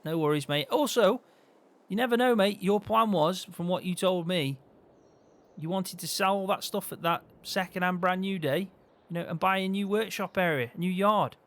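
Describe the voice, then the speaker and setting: A man's voice: high-pitched, normal speed. A man hosting a farming game role-play, bantering cheekily with a friend. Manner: cheeky, teasing, lively banter.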